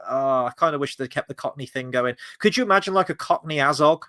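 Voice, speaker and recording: A man's voice: a little high, fast talker, fairly bright tone. Enthusiastic male podcast host. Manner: enthusiastic, joking. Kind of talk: casual chat.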